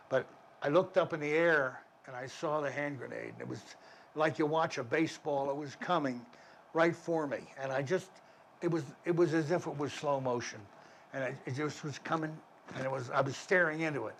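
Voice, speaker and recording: Older male veteran, plainspoken storyteller, restarts often, medium pitch, faint hiss behind. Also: fairly bright tone. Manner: vivid, plainspoken, with frequent restarts. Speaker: army veteran interviewee. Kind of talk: war memoir storytelling.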